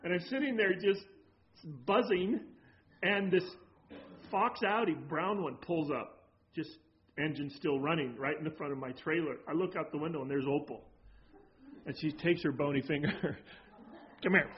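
A man's voice: fairly high pitch, a little slow, long pauses, lo-fi sound. A man preaching a sermon, telling a story from his own early ministry before building to emphatic preaching. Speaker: pastor.

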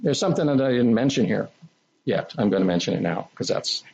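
A man preaching a sermon in a conversational, animated way, often acting out what people say. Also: mid-range voice, a little fast, gravelly, slightly rough. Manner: conversational, animated, acts out quoted speech. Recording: dull lo-fi recording.

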